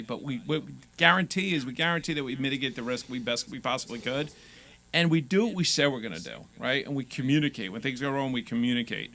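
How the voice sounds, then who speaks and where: A man being interviewed as a guest on a radio show, talking about his business with a confident sales pitch. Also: bright, forceful tone. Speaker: guest, real estate investor. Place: radio studio.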